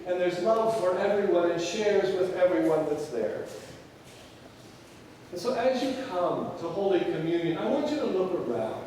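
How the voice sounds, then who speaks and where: A man with a high voice preaches from a distance in a large church, his words ringing through a long, roomy reverb. He tells stories and acts out the voices of the people in them. A faint room ambience sits underneath. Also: a little hiss or hum. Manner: acts out quoted voices, drops to quiet for key points. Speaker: pastor. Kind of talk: sermon with storytelling. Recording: echoey church hall from far off.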